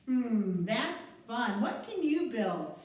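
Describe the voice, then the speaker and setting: A woman librarian reading a picture book aloud to children, slow and expressive, with playful asides and gasps. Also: on the high side. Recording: echoey room, mic at a distance.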